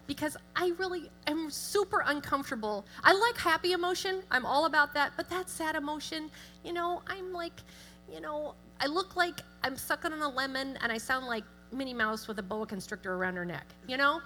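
A middle-aged woman giving a chatty, self-deprecating church talk with animated asides. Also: sits high, slight background noise. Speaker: guest speaker. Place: church sanctuary. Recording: long hall reverb with music.

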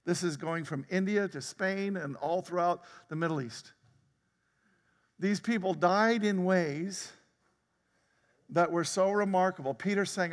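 Man preaching, high gravelly voice, casual and laughing, long hall reverb. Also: moderate pace, pauses often. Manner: conversational preaching with laughter and sudden loud outbursts. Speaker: pastor. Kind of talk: sermon. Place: church sanctuary.

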